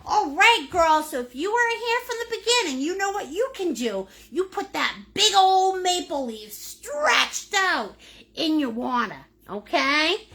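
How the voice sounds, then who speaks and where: A middle-aged painting instructor teaches a live lesson in a playful, silly way, greeting viewers by name and laughing often as she talks. Her voice is extremely high, very animated, fairly bright, and a little slow.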